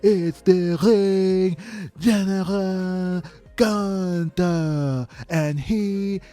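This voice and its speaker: A man voicing a pompous, grandiose male wrestling mouthpiece in a theatrical, drawn-out delivery. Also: high voice, steady tone, mellow, soft background music, voice pushed up.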